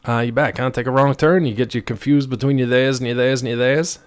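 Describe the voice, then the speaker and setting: A male livestream host chatting casually from home, playful and animated, jumping between high and low pitch. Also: fast talker, clean tone. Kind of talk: casual chat while gaming.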